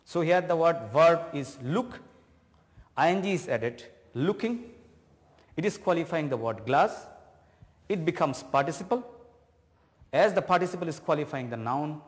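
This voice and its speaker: A man with a Bangladeshi accent teaching an English grammar lesson on TV, explaining slowly and deliberately to students. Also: on the high side, big-room sound. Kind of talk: televised classroom lesson. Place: TV studio classroom.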